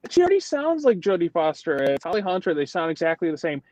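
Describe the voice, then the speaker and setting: A man chatting casually on a stream, excitable and laughing often. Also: fairly high pitch, fast talker, no room sound. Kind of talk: casual chat.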